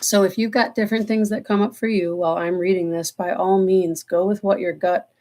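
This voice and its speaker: Earnest woman tarot reader on a livestream, meandering talk with slowed emphasis, emotional edge. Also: medium pitch, fairly even intonation, a little mellow. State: choked up, near tears. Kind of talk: live-stream spiritual talk.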